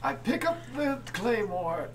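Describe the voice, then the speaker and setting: Animated player far from the mic. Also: medium pitch, unhurried. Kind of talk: casual tabletop game play. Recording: distant mic, loud background noise.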